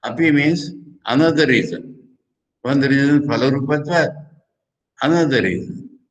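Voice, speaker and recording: Indian English monk giving a discourse. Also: male voice, medium pitch, highs cut off. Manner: explains slowly, repeats phrases, quotes Sanskrit verses. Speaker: monk teaching scripture. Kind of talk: religious discourse.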